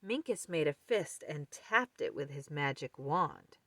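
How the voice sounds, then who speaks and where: Slow expressive woman reading a picture book. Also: deep voice, no echo, studio quality. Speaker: storyteller. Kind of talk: children's book read-aloud.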